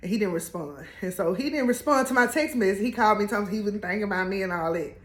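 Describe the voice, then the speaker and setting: A woman telling a story in a casual, animated way, laughing and acting out quotes. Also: medium pitch, quick pace, reverberant. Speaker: co-host telling their couple story.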